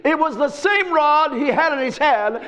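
A man preaching a sermon, emphatic and repetitive, with sudden shouts. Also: very high-pitched, animated, normal speed. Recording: dull lo-fi recording.

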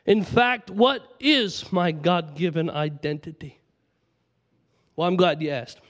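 A man's voice: on the high side, slow. A man preaching a sermon, passionately reciting scripture aloud to his congregation.

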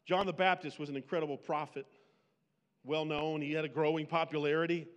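High-voiced preacher man giving a dramatic sermon. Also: level tone, fairly quick, long reverb tail, highs cut off. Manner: dramatic, swings between loud pleading and hushed quiet. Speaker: pastor.

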